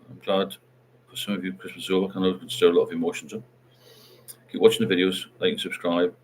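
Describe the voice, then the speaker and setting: A man's voice: low voice, flat delivery, fast, slight background noise. A middle-aged man, hosting a casual livestream chat and rambling while he reads out viewer comments. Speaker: livestream host.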